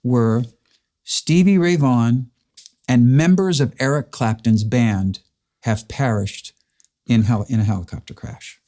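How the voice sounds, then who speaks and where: A man's voice: mid-range voice, a little slow, mellow. A man hosting an interview, earnestly retelling a memory in a casual storytelling way. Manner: earnest, emotional retelling with restarts. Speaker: host.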